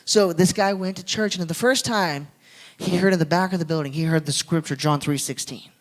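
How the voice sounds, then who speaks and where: A man with a fairly high voice stands up in a church to tell a story. He speaks from the heart and sounds close to emotional throughout. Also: fairly quick, rough recording. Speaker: guest speaker. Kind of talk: sermon storytelling.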